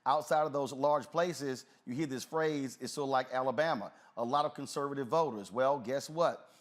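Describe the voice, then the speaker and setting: A man's voice: mid-range voice, normal speed. A man hosting a live talk show, talking in an emphatic, conversational way with frequent filler sounds.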